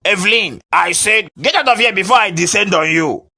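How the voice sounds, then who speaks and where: Bossy threatening Nigerian cartoon dad played by a man, bright-edged voice. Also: sits high, fairly quick, full character voice. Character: blustering cartoon father and bossy assistant.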